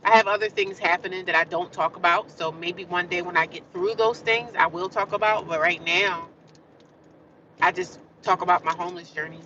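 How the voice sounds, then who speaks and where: A woman's voice: lowish voice, fairly even intonation, moderate pace, pushed and bright, slight background noise. A woman chatting casually with viewers on a livestream, rambling and repeating herself. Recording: distant, slightly dull phone audio.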